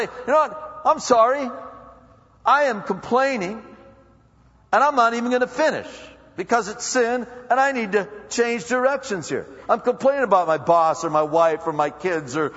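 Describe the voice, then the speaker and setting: A man's voice: sits high, fairly bright tone, long reverb tail, muffled recording. Man preaching a conversational sermon. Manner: conversational preaching, acts out prayers and inner dialogue. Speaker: pastor.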